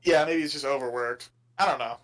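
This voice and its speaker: A man's voice: mid-range voice, fairly quick, a bit bright, rough recording. A man co-hosting a sports podcast, chatting casually and joking through rambling stories with restarts. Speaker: podcast co-host.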